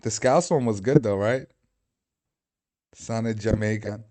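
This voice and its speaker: A man's voice: fairly low pitch, slow, mellow. A man hosting a livestream, talking casually and joking, swearing freely. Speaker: livestream host. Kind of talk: casual live commentary.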